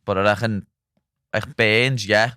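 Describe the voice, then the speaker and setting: A man's voice: on the low side, steady tone, measured pace, bright, forceful tone, smooth, dry recording, clean studio sound. A young man with a Liverpool accent hosting a podcast, chatting bluntly with plenty of swearing. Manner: blunt, sweary, laughing banter. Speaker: podcast host. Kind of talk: casual banter.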